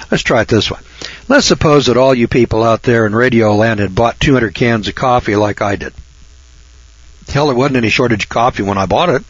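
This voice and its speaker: A man's voice: mid-range voice, a bit bright, slightly rough, dry recording, dull audio. A man giving a folksy, sarcastic rant in casual talk to his audience. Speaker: online video host. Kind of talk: casual ranting monologue.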